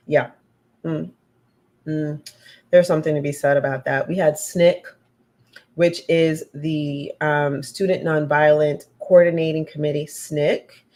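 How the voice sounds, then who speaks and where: Chatty woman host, lower voice. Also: darkish tone. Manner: chatty, addresses listeners as "y'all", emphatic repetition. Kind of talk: casual talk-show monologue.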